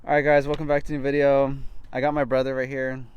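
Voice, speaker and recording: A man's voice: medium pitch, completely flat delivery, fast talker, smooth, muffled recording. A young man hosting a casual talk video, loose and chatty, stopping to direct the filming. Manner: loose, restarting, directing the shoot. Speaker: host. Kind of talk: casual chat.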